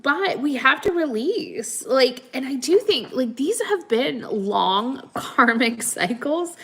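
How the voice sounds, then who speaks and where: A woman's voice: sits high, expressive, slow. A woman doing a live tarot reading for her viewers in a chatty, playful way, laughing often and calling them honey and kids. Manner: calls the audience kids, honey, guys. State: sniffly. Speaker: tarot reader.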